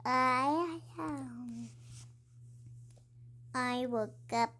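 Woman narrating her game roleplay, high voice, slow and offhand, light hiss. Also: bright, forceful tone. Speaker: channel owner narrating a game role-play. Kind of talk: casual game role-play narration.

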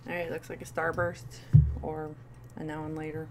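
A woman's voice: low voice, little pitch movement, moderate pace, heavy background noise. A woman in her thirties doing a playful candy review vlog, with goofy asides. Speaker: vlogger.

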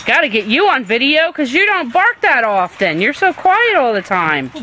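A woman with a high, lively voice that climbs and dips as she chats to her dogs. She speaks slowly and dotes on them as she films outdoors. Loud noise fills the background of the camcorder recording. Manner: doting, laughing, talks to the dogs. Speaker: pet owner filming her dogs. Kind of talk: casual home video chat. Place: outdoors on a backyard deck. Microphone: handheld camcorder.

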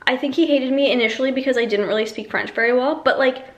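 A woman's voice: sits high, fast talker, slight background noise. A young woman vlogging casually in an emptied apartment, rambling through a story with lots of "like". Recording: echoey empty room.

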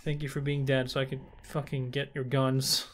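During a blind playthrough of a shooter game, a young male host swears in frustration and taunts the enemies. He speaks at normal speed in a mid-range voice with little pitch variation, over slight background noise.

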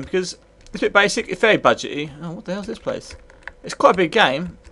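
A man's voice: a little high, racing, hardly any pauses. A tipsy man commentating live as he plays and reviews an old computer game, swearing freely and rambling. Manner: sweary, rambling, bursts into excited yells.

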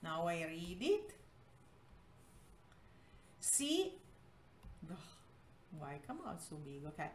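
A native Spanish-speaking woman teaching an online Spanish lesson, explaining slowly in English with many fillers and restarts. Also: sits low, big pitch swings, slight background noise. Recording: echoey room.

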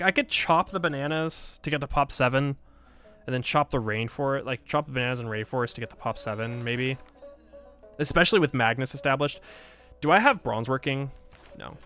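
A man's voice: mid-range voice, sharp tone. A man playing a strategy game and thinking aloud in casual commentary, often sighing and laughing at himself. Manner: thinks aloud, frustrated and self-mocking, frequent sighs and laughs. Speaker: gaming YouTuber. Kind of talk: casual Let's Play commentary.

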